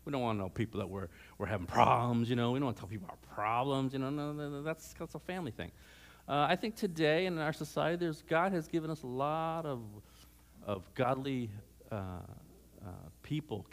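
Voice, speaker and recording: A man's voice: medium pitch, a bit bright. Chatty middle-aged man giving a church talk. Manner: chatty, anecdotal, frequent "okay?" check-ins. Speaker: speaker at a church student rally. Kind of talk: conversational sermon on marriage. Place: church hall.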